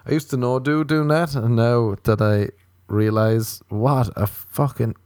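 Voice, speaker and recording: A man's voice: mid-range voice, steady tone, measured pace, a little mellow, no echo. A man hosting a podcast, rambling in a crude, self-mocking comic monologue. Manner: crude, self-mocking, drifting into silly voices. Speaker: podcast host.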